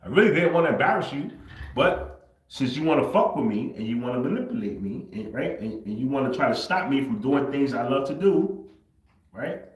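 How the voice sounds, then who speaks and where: A man on a livestream delivers a confrontational, repetitive rant at medium pitch. He drops to a mutter, then bursts out loud. The room adds a clear echo. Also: lively intonation, fairly quick. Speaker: livestream host.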